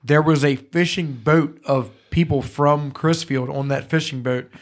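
This man runs a podcast where he tells profanity-laced stories in a relaxed chat, laughing a lot. He speaks a little slowly, in a slightly high voice with a steady tone.

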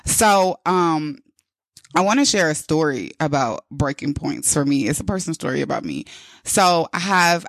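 A young adult woman hosts her own podcast, talking in a loose, frank monologue. Her voice sits a little low, and she often circles back and repeats phrases to drive a point home. The recording is dry, with no room sound. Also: no room sound. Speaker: podcast host. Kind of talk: casual spoken monologue.

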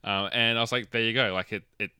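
A man co-hosting a casual podcast chat, relaxed and steering the conversation. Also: on the low side, fast talker, clean tone, no room sound, clean studio sound. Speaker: podcast co-host.

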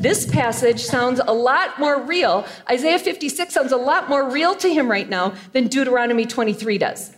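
A woman preaching a sermon, retelling a scripture story with animated storytelling and playful asides. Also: fairly high pitch. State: choked up with emotion.

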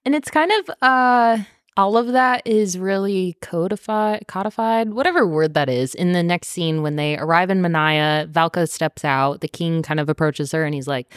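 A young woman co-hosting a podcast, chatting casually about a novel, laughing often and slipping into quick character voices. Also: deep voice, smooth, no room sound, clean studio sound. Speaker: podcast co-host. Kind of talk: casual book discussion.

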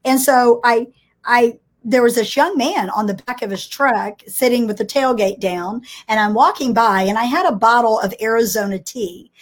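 A woman's voice: fairly high pitch, normal speed. A woman telling a personal faith story in casual conversation, acting out the dialogue with frequent restarts. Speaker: guest sharing testimony.

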